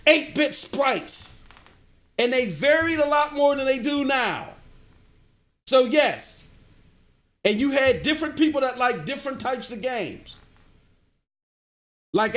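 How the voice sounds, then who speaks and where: High-voiced ranting gaming streamer man. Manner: animated, ranting, talks straight to chat. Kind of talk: livestream commentary, answering chat.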